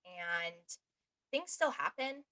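A woman in her thirties with a bright, clear-edged voice chats casually as a podcast co-host. She talks animatedly and slips into quick impressions of what others said. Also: fairly low pitch. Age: 30s. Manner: animated, acts out quoted voices. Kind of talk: casual conversation.

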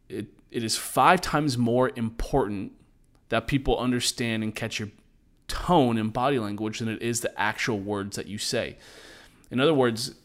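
A man's voice: fairly low pitch, fairly bright tone. A man in his thirties hosting a short motivational podcast, talking in an earnest, conversational way with self-deprecating asides. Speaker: podcast host.

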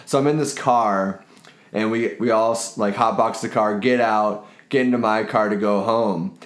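A man co-hosting a podcast, rambling through his stories with fillers and swear words. His voice sits a little low, and it carries a roomy echo. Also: fairly even intonation, moderate pace. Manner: rambling, loose storytelling with lots of fillers and swearing. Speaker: podcast co-host. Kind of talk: casual chat.

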